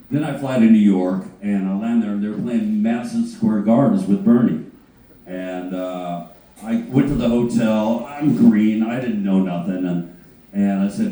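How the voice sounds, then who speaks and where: A man, a guitarist on a panel, telling an animated, profane anecdote with halting restarts. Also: on the low side. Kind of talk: anecdote storytelling. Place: panel on a cruise ship. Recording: distant mic, very echoey room.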